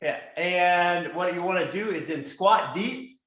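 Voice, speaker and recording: Man instructor, high voice, echoey studio, calm rhythmic cueing of breaths and stretches. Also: measured pace. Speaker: fitness class instructor. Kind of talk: guided breathing and movement instructions.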